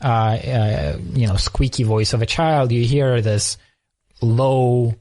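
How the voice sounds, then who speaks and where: A man's voice: mid-range voice, steady tone, darkish tone. Man from the former Soviet Union, storytelling. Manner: thoughtful, quick storytelling with frequent restarts. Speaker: podcast host. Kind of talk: conversational interview.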